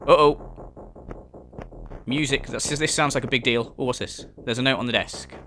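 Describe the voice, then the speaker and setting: A man's voice: medium pitch, fairly even intonation, unhurried, sharp tone, soft background music. A young man giving jokey, sarcastic let's-play commentary, swearing casually as he explores. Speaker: gaming YouTuber.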